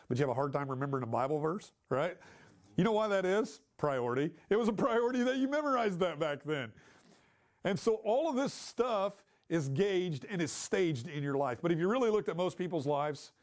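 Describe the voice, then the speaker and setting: A man's voice: fairly high pitch, a little mellow. A man teaching a church Bible study class, talking in a conversational, emphatic way and putting questions to the class.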